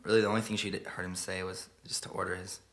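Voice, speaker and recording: A man performing live, telling a story in a quiet, halting way before a song. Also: sits low, flat delivery. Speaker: singer-songwriter performing live. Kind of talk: spoken story intro over guitar. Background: guitar playing.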